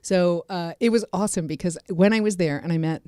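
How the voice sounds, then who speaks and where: A woman's voice: fairly low pitch, brisk, warm tone, no echo, clean studio sound. A woman co-hosting a podcast, chatting and telling stories in a casual way. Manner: chatty, storytelling. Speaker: podcast co-host. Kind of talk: casual chat.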